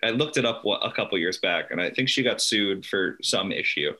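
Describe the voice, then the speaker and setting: A man's voice: low-pitched, expressive, fairly quick, pushed and bright. A man co-hosting a podcast, chatting casually, telling stories with casual swearing and frequent laughs. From New York area. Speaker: podcast co-host. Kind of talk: casual chat.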